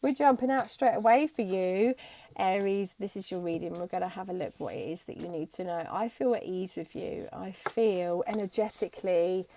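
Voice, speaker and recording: A woman's voice: medium pitch, moderate pace, dark tone, slight background noise. Chatty woman giving a tarot reading. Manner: chatty, bubbly, breaks into playful voices. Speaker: tarot reader. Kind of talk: casual tarot reading to camera.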